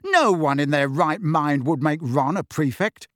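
A man's voice: on the high side, lively intonation, unhurried, a bit bright, no room sound, studio quality. A man doing a cheeky teenage wizard prankster. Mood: teasing. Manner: teasing, mock-serious.

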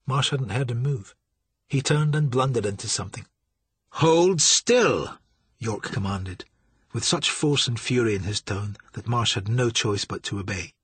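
A man narrating an audiobook in a steady, dramatic storytelling manner, with a husky voice. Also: medium pitch, normal speed, no echo.

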